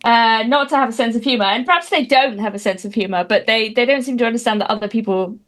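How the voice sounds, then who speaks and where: Woman on a video call, kinda high voice, dry jokey chat, lots of ums and restarts. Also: fast talker, fairly bright tone. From Britain. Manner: dry, wry humor with many fillers and restarts. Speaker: guest commentator. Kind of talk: casual interview chat.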